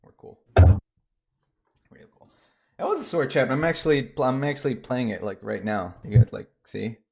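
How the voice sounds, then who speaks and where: A man's voice: medium pitch, animated, fairly quick, vocal fry, a little mellow, breathy edge. A man hosting a casual livestream chat with friends, joking around and often trailing off into mumbles. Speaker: stream host.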